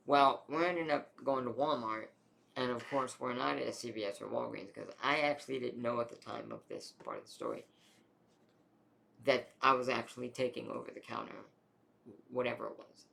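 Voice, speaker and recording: A young adult man casually telling a long personal health story, rambling and animated, with many fillers. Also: medium pitch, creaky.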